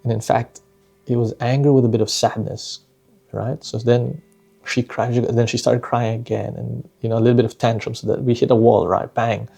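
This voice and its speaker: A man's voice: medium pitch, level tone, moderate pace, gravelly, dark tone, breathy edge. A man, a father, telling a personal parenting story in a reflective, conversational way, often tagging his sentences with "right?" and "you know".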